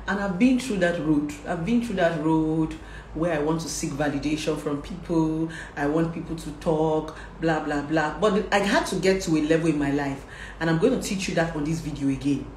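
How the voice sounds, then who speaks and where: Nigerian-accented young woman, talkative vlogger, lively advice chat; roomy, echoey recording. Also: low-pitched, a little hiss or hum. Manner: lively, talkative, laughs often, slips into Pidgin. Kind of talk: casual advice vlog.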